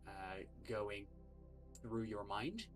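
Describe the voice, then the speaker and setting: A game master narrating a tabletop game on a livestream, slow and halting, with many pauses to think. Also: low voice, lively intonation, soft background music.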